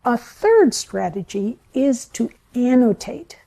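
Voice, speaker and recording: A woman narrates a learning lesson at an unhurried pace. Her voice is very mellow and dark, a little high for a woman. She explains each step in a measured way. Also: sing-song, gravelly. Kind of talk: scripted educational narration.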